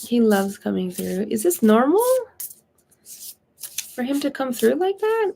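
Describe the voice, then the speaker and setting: A woman's voice: on the high side, big pitch swings, unhurried, vocal fry, dark tone, slight background noise. A woman psychic medium chatting casually on a live stream, giggly and full of fillers. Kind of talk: live-stream reading chat.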